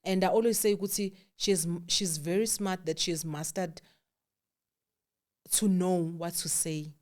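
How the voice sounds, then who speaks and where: South African woman, low voice, candid storyteller. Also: measured pace. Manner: candid, animated quoting of others, drops to hushed tones. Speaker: guest. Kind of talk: emotional personal storytelling.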